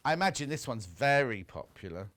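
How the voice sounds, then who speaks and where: A man's voice: medium pitch, big pitch swings, fairly quick, a bit bright. A man hosting a live shopping channel show from a TV studio, showing products in a chatty, teasing way.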